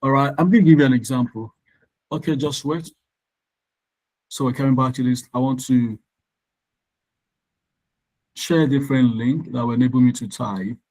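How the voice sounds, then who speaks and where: A man teaching an online class works through exam questions slowly and methodically, his pitch in an ordinary middle range with fairly even intonation and a darkish tone. Every so often he checks that students can hear him over his computer microphone, and the audio quality is rough.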